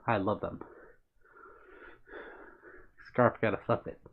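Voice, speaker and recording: A man's voice: lowish voice, fairly even intonation, takes it slowly. A man hosting a live stream, chatting casually and answering viewers by name in an upbeat way. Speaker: livestream host reading chat. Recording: dull lo-fi stream audio.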